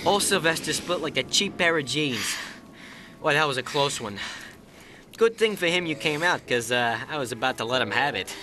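A woman's voice: low-pitched, animated, normal speed, bright, forceful tone, a little hiss or hum. A woman voicing a cocky teenage boy who cracks sarcastic jokes. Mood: wry. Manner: sarcastic, joking.

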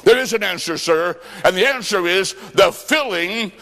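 A man preaching a revival sermon with folksy stories, impassioned and shouting at the peaks. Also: high-pitched, moderate pace, soft background music. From Illinois. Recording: echoey hall with long reverb.

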